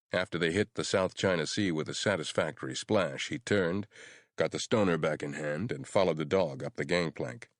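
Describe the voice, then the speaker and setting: A man narrating a horror audiobook in a measured, even storytelling manner. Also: low-pitched, no room sound, studio quality.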